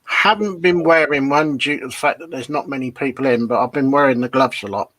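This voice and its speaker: An easygoing man with a mid-pitched voice chatting casually as a co-host. He mostly answers in short, relaxed replies. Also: fairly quick. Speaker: livestream co-host. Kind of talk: casual chat.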